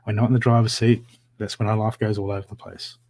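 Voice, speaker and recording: A man giving live psychic readings from home, talking in an animated, encouraging way with a lot of repetition. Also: lowish voice, quick pace. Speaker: psychic reader. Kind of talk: live-streamed spiritual reading.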